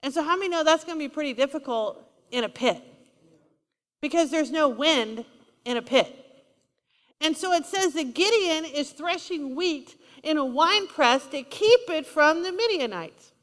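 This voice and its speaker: High, bright-voiced woman preaching. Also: lively intonation, normal speed. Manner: conversational, emphatic, asks the audience questions. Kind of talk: sermon. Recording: long hall reverb.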